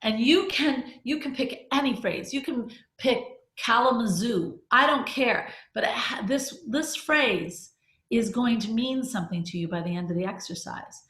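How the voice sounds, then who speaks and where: A woman's voice: on the high side, animated, normal speed, fairly bright tone. A middle-aged woman leading a group discussion, telling a personal story in a candid, conversational way. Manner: candid, conversational, with restarts and laughs. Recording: echoey room.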